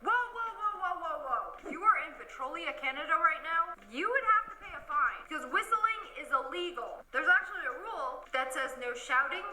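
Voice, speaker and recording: A woman's voice: sits high, lively intonation, a little fast, hardly any pauses, sharp tone, reverberant, poor audio. A woman presenting a scripted commentary video in a sarcastic, playful way. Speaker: online video host.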